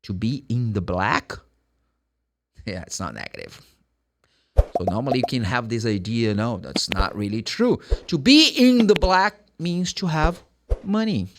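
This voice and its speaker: Brazilian guy teaching english grammar, voice jumps all over, says the examples real slow and stressed. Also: medium pitch, very animated. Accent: Brazilian Portuguese. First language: Portuguese. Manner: repeats example sentences slowly and emphatically. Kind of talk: explaining grammar to learners.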